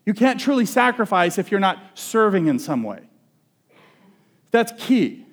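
A male pastor preaching a sermon in a relaxed, conversational and humorous way, often asking the audience questions. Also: high-pitched, unhurried.

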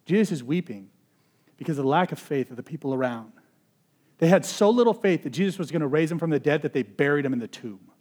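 A high-voiced man preaching a casual, conversational sermon. He swings from loud, pressing emphasis to hushed, intense asides and sprinkles in "like" as he talks. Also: lively intonation, fast talker. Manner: conversational, uses "like" often. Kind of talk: expository sermon.

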